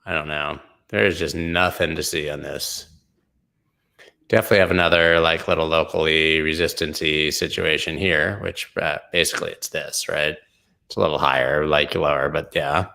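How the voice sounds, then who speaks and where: A man's voice: very deep voice, steady tone, normal speed, vocal fry, bright, forceful tone. A man hosting a live crypto stream, talking casually and loosely over price charts with slang and asides. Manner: loose, rambling, slangy, hums and sings snippets. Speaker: crypto show host.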